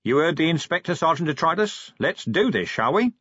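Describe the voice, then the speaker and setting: A man doing a weary, gruff city watch commander. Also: fairly high pitch, very animated, fairly quick, fairly bright tone, no echo, muffled recording, voice pushed up, full character voice. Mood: dry, weary. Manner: dry, blunt and weary. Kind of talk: audiobook character voice.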